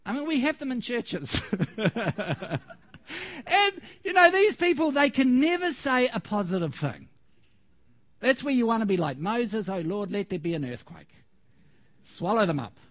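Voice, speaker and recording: A man preaching a light, humorous sermon to his congregation, with a lot of laughter. He tells stories animatedly, and his pitch swoops up and down. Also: very animated, a little slow, long pauses, fairly bright tone. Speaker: pastor.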